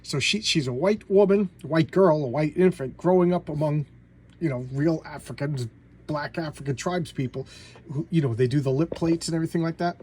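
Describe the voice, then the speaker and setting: Animated man retelling comic stories. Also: fairly high pitch, moderate pace, slightly rough. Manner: animated, acts out quotes in character voices. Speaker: comic book reviewer. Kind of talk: casual story retelling.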